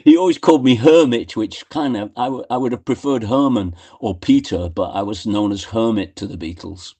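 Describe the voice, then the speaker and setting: A man's voice: medium pitch, moderate pace, dark tone, husky. An older man, a musician guest on a radio show, telling anecdotes in a chatty way and acting out what others said. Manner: chatty anecdotal storyteller, acts out quotes. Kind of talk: radio interview storytelling. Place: radio studio.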